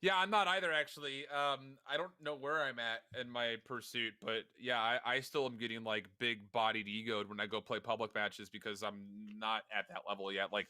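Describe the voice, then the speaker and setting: A man provides color commentary on a competitive shooter in loose, chatty banter. His tone is bright and forward, and he laughs often while riffing with his partner. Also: medium pitch, fairly even intonation, moderate pace, few pauses, clear, resonant tone, no echo. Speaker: esports commentator. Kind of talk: casual game commentary and banter.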